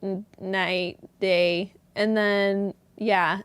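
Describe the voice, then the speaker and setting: A woman hosting a live stream, hoarse as her lost voice slowly returns, who giggles often and clears her throat now and then while chatting casually with viewers. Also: medium pitch, steady tone, dry recording. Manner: giggly, breaks into laughter often. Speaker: yarn shop live stream host.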